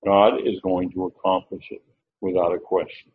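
A man teaching a Bible lesson as a sermon, slow and emphatic, repeating key phrases. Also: low voice, level tone, a little hiss or hum. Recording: tinny phone-like lo-fi recording.

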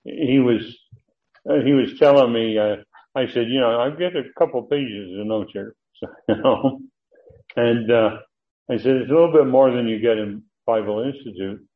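An older man teaching a verse-by-verse Bible lesson, halting with many fillers and sudden emphatic rises. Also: medium pitch. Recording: tinny phone-like recording.

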